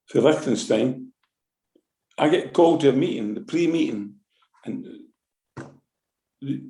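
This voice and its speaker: A Scottish man, a former football manager, telling lively anecdotes in an interview and acting out what people said. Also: medium pitch, creaky. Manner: lively anecdotal, acts out quotes, swears. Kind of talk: animated storytelling interview. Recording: roomy echo.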